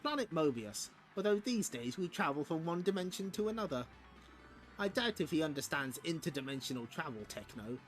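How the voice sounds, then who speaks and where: A man voicing a determined young female hedgehog heroine in a comic read-aloud, speaking in a brisk, matter-of-fact way. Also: on the high side, very animated, soft background music.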